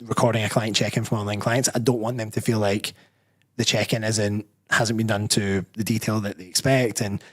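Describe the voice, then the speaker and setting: A man's voice: lowish voice, little pitch movement, fairly quick. A Scottish man, a personal trainer and bodybuilder, talking candidly as a guest in a casual interview, often restarting his sentences. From Scotland. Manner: candid, rambling, self-correcting.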